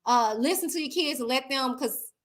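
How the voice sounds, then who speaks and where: Her voice is high and her speed normal as she hosts an easygoing live stream. Animated and chatty, she reads viewer comments and speaks right to the people watching, whom she calls y'all.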